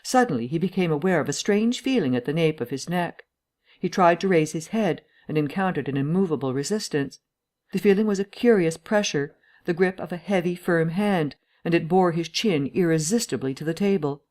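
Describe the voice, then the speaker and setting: A woman reading a classic novel aloud as an audiobook narrator, in measured storytelling. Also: on the low side, a little mellow. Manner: measured storytelling, shifts voice for each character. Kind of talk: scripted narration.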